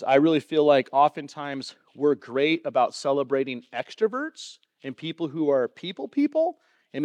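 Conversational pastor preaching a sermon. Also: male voice, a little high, darkish tone, dry recording. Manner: conversational, asks the room questions, many fillers.

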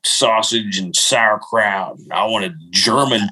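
A man's voice: on the low side, slow pace, bright, forceful tone, breathy edge, rough recording. A middle-aged man hosting a podcast, rambling through casual stories and laughing at himself. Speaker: podcast host. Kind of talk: casual storytelling chat.

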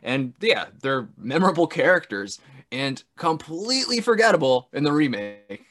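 A man's voice: a little high, sing-song, moderate pace, fairly bright tone. Enthusiastic laughing man in casual chat. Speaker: podcast co-host. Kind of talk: casual film discussion.

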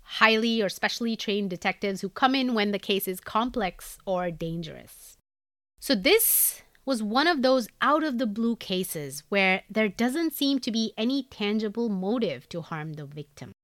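Indian english woman narrating a crime case casually, bright tone, very dry mic. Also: mid-range voice, animated, unhurried, no room sound. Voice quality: conversational narration with asides. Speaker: podcast host. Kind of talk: true crime storytelling chat.

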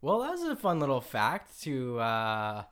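A man co-hosting a podcast, chatting playfully and reacting quickly. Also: mid-range voice, huge pitch swings, a bit bright. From United States. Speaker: podcast co-host. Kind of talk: casual chat.

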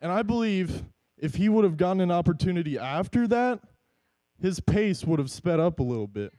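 A man's voice: sits high, animated, moderate pace, dark tone, no room sound, poor audio. A man giving an earnest, encouraging church devotional talk. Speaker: devotional speaker.

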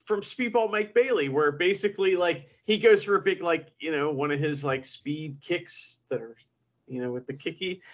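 A man co-hosting a podcast, chatting casually about wrestling, excitable, swearing and laughing often. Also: on the high side, moderate pace, muffled recording. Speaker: podcast co-host.

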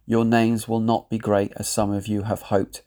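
A man, solemnly reading out a prophetic word in a measured, grave, declamatory way. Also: lowish voice, flat delivery, dark tone. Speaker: lay prophet.

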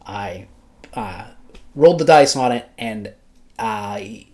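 A man's voice: lowish voice, lively intonation, takes it slowly, darkish tone. Nasal-voiced man chatting about books. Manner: hesitant, many fillers and restarts. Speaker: podcast co-host, book blogger. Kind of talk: casual book discussion.

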